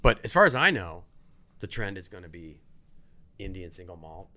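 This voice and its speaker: A man's voice: low voice, sing-song, moderate pace, sharp tone. A middle-aged man in casual podcast chat, talking about the liquor he sells and mimicking pushy salespeople.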